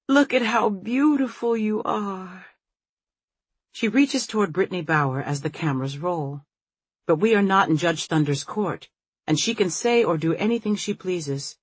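A woman narrating a novel in the first person with measured, observant storytelling. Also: sits low, slightly rough, dry recording. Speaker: audiobook narrator.

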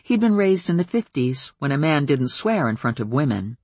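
A woman reads a first-person novel aloud with a wry, expressive delivery. Her voice is husky and sits mid-range, recorded dry and close. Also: deep voice, normal speed, dry recording. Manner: wry, expressive storytelling with lively voiced dialogue. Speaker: audiobook narrator.

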